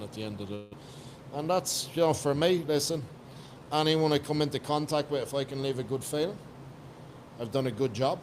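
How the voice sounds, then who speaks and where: A man's voice: mid-range voice, a little hiss or hum. An Irish man from Ireland, a guest coach on a podcast, talking in a blunt, emphatic way and swearing freely. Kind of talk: casual podcast chat.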